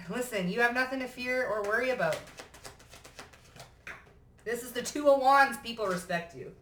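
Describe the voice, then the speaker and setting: A woman's voice: fairly high pitch, animated, measured pace, pauses often, a bit bright, recorded from a distance. A woman giving a casual tarot card reading to camera in a blunt, profane and emphatic way. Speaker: psychic tarot reader. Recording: echoey room.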